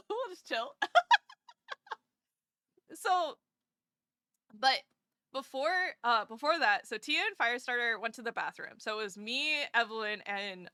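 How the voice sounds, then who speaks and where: A woman VTuber telling a story in casual livestream chat, animated and quick to laugh, at a desk mic at home. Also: fairly high pitch, clear, resonant tone, no echo. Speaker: VTuber streamer.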